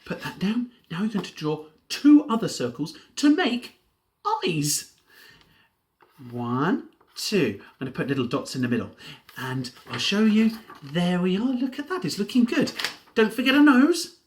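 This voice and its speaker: Animated man leading a drama class. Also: high-pitched, measured pace. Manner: lively and animated, with playful character voices. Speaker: drama workshop leader. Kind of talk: home drama lesson, playing a TV presenter.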